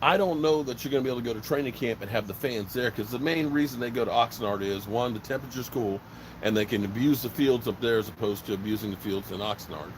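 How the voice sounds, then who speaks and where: A man's voice: mid-range voice, quick pace, slight background noise, low-quality recording. A man from Virginia hosting a casual live stream, talking bluntly and rambling, swearing freely. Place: outdoors by a smoker fire.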